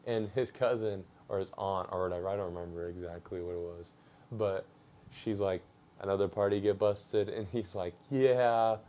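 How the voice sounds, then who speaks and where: A young man with a fairly low voice tells a story in a casual, slangy way. He drifts along with fillers and easy laughs. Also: fairly even intonation, moderate pace, mellow, a little hiss or hum. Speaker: streamer telling a story.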